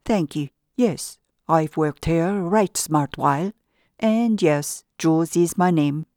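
A woman's voice: sits low, takes it slowly, darkish tone, dry recording, studio quality. A woman voicing a small, talkative male gardener with a lilting Irish brogue. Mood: chatty.

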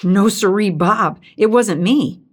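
A woman's voice: high voice, wildly swooping pitch, measured pace, a bit bright, voice pushed up, heavily acted. Woman doing an emphatic, folksy handyman. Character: indignant folksy middle-aged church handyman.

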